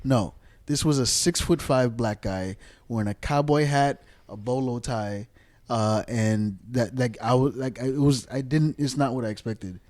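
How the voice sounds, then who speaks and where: A man's voice: mid-range voice, moderate pace, darkish tone. A male podcast co-host, talking loosely with many fillers and restarts. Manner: rambling, lots of "like" and restarts. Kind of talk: casual podcast chat.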